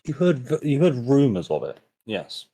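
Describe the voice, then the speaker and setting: A man's voice: mid-range voice, very animated, normal speed, warm tone, breathy edge. A man running a tabletop game as dungeon master, narrating in an easygoing way with fillers.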